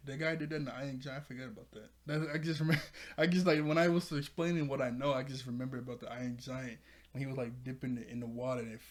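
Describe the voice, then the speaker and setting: A man casually recapping a cartoon episode. He rambles, repeats himself and laughs a lot. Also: medium pitch.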